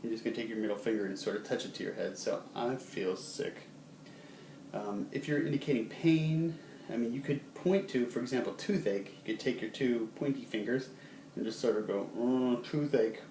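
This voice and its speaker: A man teaching a casual video lesson in a relaxed way, with many ums, who acts out short example phrases. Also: mid-range voice, brisk. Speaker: sign language teacher. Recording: roomy, distant, faint background hum.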